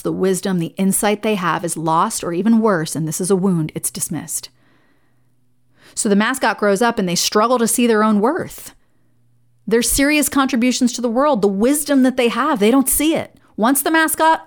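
A woman hosting a solo podcast, talking in a reflective way that swings between playful and hushed. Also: mid-range voice. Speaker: podcast host.

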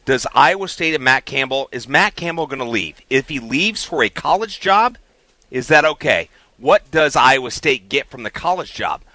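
A man co-hosting a sports radio show, excitable and playful, firing off questions to his partner. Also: mid-range voice, normal speed, no echo. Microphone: studio mic.

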